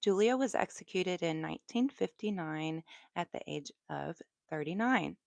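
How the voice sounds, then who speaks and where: A woman with a Southern American accent telling true crime stories on a live stream in a relaxed, chatty way, with asides. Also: fairly low pitch, moderate pace, gravelly, no echo. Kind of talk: live storytelling.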